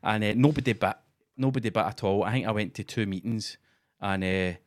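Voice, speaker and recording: A Scottish man co-hosting a podcast, chatting casually and telling sweary, animated stories. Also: on the low side, fairly quick. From Scotland. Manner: sweary, animated storytelling with acted-out quotes. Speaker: podcast co-host. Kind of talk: casual chat.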